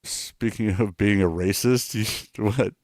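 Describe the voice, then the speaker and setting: A man's voice: lowish voice, takes it slowly, no echo, studio quality. A man streaming live in a casual, rambling way, reading and answering chat with self-mocking asides.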